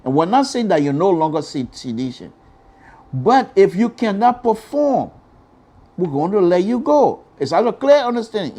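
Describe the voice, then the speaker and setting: A man with a Liberian English accent hosts a political call-in radio show, speaking emphatically, exclaiming and repeating himself often. His voice is high, mellow and very animated, delivered at a moderate pace.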